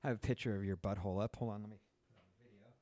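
A man's voice: fairly low pitch, fairly even intonation, very fast, dark tone, dry recording. A man hosting a podcast, teasing his guest with crude, playful banter. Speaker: podcast host.

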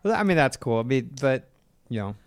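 A man's voice: mid-range voice, sing-song, fairly quick. A man hosting a casual podcast, asking curious follow-up questions. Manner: inquisitive, asks follow-up questions.

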